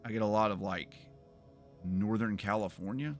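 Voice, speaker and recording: A gaming streamer with a Southern US accent chats loosely with viewers while playing a video game, rambling and laughing often. His voice is lowish at a normal speed, and soft music plays in the background.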